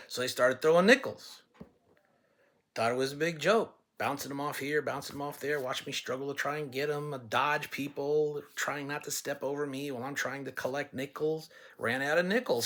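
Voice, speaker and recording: A man's voice: a little high, moderate pace, fairly bright tone. A man running for office, speaking straight to listeners in a blunt, folksy way and telling stories to make his point. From California. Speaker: political candidate. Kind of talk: campaign talk to listeners.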